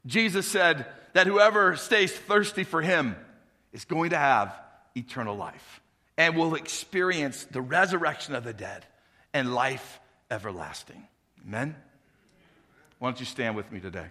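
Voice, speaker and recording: A man's voice: mid-range voice, lively intonation, measured pace, bright, forceful tone, in a large hall. A male pastor preaching a fervent sermon in a church auditorium, asking the congregation questions. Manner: preaching with rising fervor and call-and-response questions.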